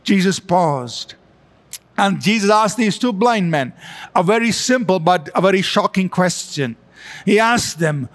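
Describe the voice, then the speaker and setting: A man with a high voice preaches a sermon from a church sanctuary. He stretches his phrases slowly and lifts them for emphasis. The sound carries the long reverb of a large hall. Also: animated. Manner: slow, drawn-out preaching with emphatic rises. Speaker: pastor. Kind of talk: sermon with altar call prayer.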